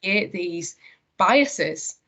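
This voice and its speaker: A woman's voice: lowish voice, animated, vocal fry, bright, forceful tone. Frank British businesswoman, restarting often. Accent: regional British. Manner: frank, halting, with many restarts. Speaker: managing director, interview guest. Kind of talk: candid interview conversation. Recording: slightly dull lo-fi sound.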